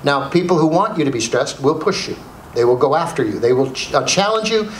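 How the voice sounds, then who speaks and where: A man giving a comedic motivational talk, animated, asking the audience questions and repeating key phrases. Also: a little high, fairly quick. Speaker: comedic speaker. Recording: echoey room, faint noise.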